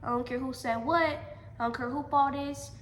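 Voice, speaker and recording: A young woman quoting a stern male school counselor who gives firm, measured warnings. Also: high-pitched, steady tone, a bit bright, a little hiss or hum. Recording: echoey room.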